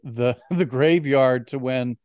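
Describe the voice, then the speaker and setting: Rich: A man co-hosting a casual film podcast, talking in a smooth, resonant voice. The sound is dry and close, with no room around it. He is animated and often stumbles and restarts his words. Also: mid-range voice, slow, no room sound. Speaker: podcast co-host.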